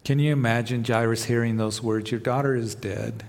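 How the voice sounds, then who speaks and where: A man's voice: mid-range voice, steady tone, moderate pace, vocal fry. Preaching man in a reverberant hall. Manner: preaching with rising emphasis and soft dramatic drops. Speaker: pastor. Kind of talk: sermon. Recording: long reverb of a large hall.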